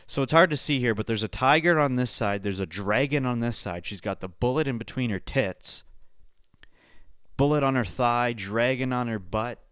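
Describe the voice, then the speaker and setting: A man's voice: mid-range voice, moderate pace, a bit bright, smooth, dry recording, clean studio sound. A young man hosting a podcast, breaking down fights in a loose, profane, chatty way. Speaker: podcast host.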